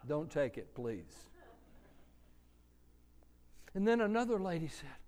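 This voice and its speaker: A male preacher giving a sermon in a church, slow and conversational, asking the congregation questions. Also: high voice, very animated, darkish tone.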